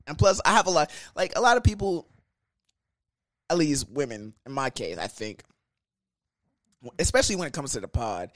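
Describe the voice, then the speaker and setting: A young man hosting a podcast, telling a story in a casual, profane, animated way with laughs. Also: fairly high pitch, normal speed, long pauses, no room sound, studio quality. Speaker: podcast host.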